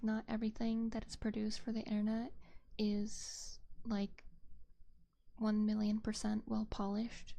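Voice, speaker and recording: A young woman streamer chatting softly into a binaural mic, a rambling, whispered casual chat full of fillers. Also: mid-range voice, creaky. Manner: soft, rambling, with frequent fillers and light laughs. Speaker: VTuber ASMR streamer. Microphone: binaural dummy-head mic.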